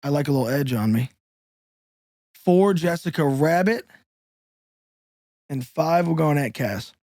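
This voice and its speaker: A man in casual podcast banter, throwing in quick jokes and wisecracks. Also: fairly high pitch, expressive, dark tone, no room sound, clean studio sound.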